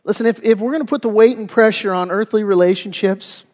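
High-voiced pastor preaching in a reverberant hall. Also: male voice, quick pace, a little mellow. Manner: conversational storytelling with frequent restarts and fillers. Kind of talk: sermon. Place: church sanctuary.

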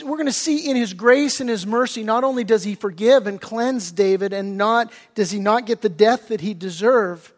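A man with a high-pitched voice delivers a sermon as pastor. He swings between loud, emphatic lines and hushed, earnest pleading. His voice carries a long reverb, like a large church hall.

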